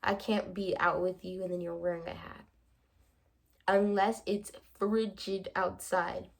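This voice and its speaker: Young woman vlogging, lots of vocal fry, chatty and playful, does little voices for both sides. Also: on the low side, a little slow. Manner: animated, playful, acts out both sides of conversations. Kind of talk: casual chatty vlog monologue.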